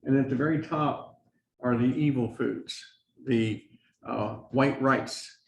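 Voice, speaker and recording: A man's voice: medium pitch, takes it slowly, vocal fry, slight background noise. A man lecturing a college biology class, talking loosely with fillers, restarts and dry sarcastic asides. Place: lecture hall.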